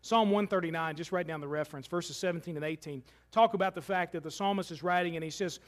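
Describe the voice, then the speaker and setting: Man, pastor, high-pitched voice, conversational preaching, light humor. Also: fast, few pauses. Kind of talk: sermon.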